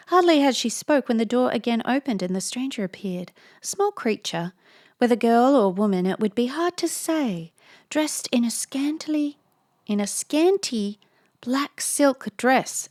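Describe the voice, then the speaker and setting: A woman's voice: a little high, lively intonation, measured pace, darkish tone. Playful woman reading a ghost story. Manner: playful, self-mocking. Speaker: reader, narrator. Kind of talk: storybook reading with joking asides.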